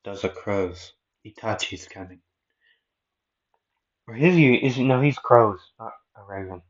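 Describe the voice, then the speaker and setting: In a fairly low voice and at a measured pace, a man tells a fan-made anime story, rambling casually and often pausing for self-deprecating asides. The audio is dull and lo-fi.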